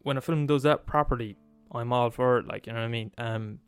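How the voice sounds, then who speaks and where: Guy ranting on his podcast, swears constantly, hammers his points, mid voice, soft guitar in the back. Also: medium pitch, a little fast, clear, resonant tone, no echo. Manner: profane, emphatic, laughs at his own points. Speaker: podcast host. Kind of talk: comedic rant.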